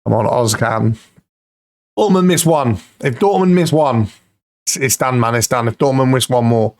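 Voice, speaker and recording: A man commentating his own football management game, excitable and pleading at the screen, swearing now and then. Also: medium pitch, normal speed. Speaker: gaming YouTuber.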